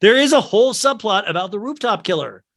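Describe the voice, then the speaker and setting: A man with a slightly higher-pitched voice hosts a casual podcast. He retells a film scene by scene in an animated way, full of "like" and "you know.". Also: a little fast. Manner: animated storytelling with fillers. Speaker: podcast host. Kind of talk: casual movie recap.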